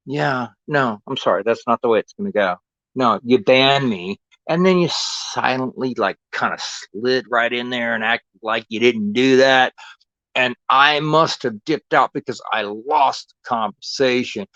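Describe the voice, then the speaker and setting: A man's voice: mid-range voice, a little slow, a bit bright, dry recording, lo-fi sound. Sarcastic man ranting on a stream. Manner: sarcastic, confrontational, repeats himself. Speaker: live streamer. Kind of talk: angry ranting monologue.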